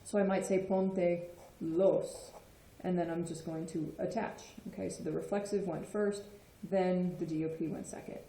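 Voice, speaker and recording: Teacher type: woman, low-ish mellow voice, patient explainer, roomy echo. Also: fairly even intonation, normal speed, hardly any pauses. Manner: patient, checks in with frequent "okay?". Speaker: Spanish teacher. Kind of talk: explanatory lesson. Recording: echoey room.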